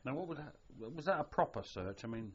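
A man interviewing an older veteran, putting quick, probing questions. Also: medium pitch, animated, breathy edge. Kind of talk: oral history interview. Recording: dull lo-fi archive tape, voice off-mic.

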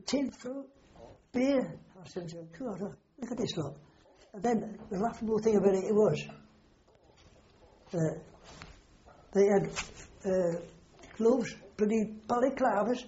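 An older man tells wartime stories in a rambling, plain-spoken way, peppered with swearing. His voice is mellow and dark. The recording is dull and lo-fi. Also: high-pitched, takes it slowly, long pauses. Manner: rambling, salty storyteller with frequent swearing. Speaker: war veteran interviewee. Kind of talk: oral history recollection.

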